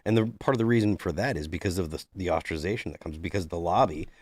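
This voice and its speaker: Male podcast co-host, deep and dry, earnest and rambling. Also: fast talker, darkish tone, breathy edge, no room sound. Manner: earnest, frequent restarts. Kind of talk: casual panel discussion.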